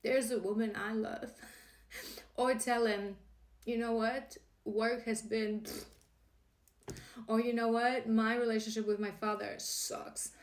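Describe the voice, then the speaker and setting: A woman with a fairly high voice gives an earnest, encouraging spiritual card reading. She often stumbles and restarts her phrases as she talks. The room around her sounds echoey. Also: little pitch movement, slow, long pauses, a little hiss or hum. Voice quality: emotional, laughing warmly at times. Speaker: tarot card reader.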